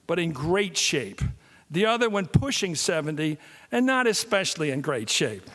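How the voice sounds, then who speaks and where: A man in his sixties speaks as a guest lecturer, his voice pitched high. He tells stories and jokes with lively energy. The sound carries the long reverb of a large hall. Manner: animated storytelling with jokes. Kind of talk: public lecture.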